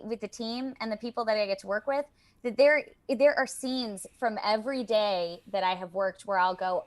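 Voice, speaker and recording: Animated woman on a video call. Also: mid-range voice. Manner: animated and emotional, quick restarts. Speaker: voice actor guest. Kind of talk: casual interview chat.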